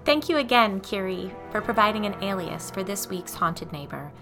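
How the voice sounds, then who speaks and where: A female podcast host narrates a first-person story at a normal pace over soft background music. Her reading is expressive, going low and soft whenever the story turns tense.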